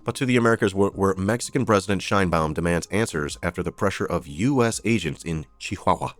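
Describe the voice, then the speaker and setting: A man with a very low voice runs a live stream of political news commentary. He reads headlines aloud and breaks off into sarcastic, profane asides. Soft music plays faintly behind him. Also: quick pace. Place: streaming setup.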